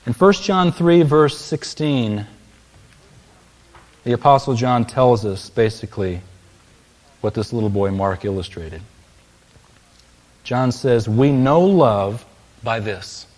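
A man's voice: lowish voice, a little mellow. A man preaching a sermon, telling a story and then building to emphatic, raised peaks on key phrases. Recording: long hall reverb.

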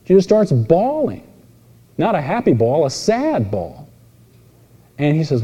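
A man preaching an expository sermon, telling stories with voiced characters and moving between emphatic and quiet delivery. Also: a little high, a little slow, pauses often, slightly rough, lo-fi sound. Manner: animated storytelling with voiced characters. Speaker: pastor. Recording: long reverb in a large hall.

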